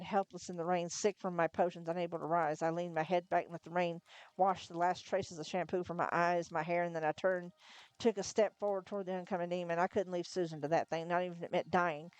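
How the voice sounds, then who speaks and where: A woman reading a novel aloud on a live stream, narrating in the first person with steady storytelling and occasional self-corrections. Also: fairly low pitch, no room sound. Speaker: narrator, reader.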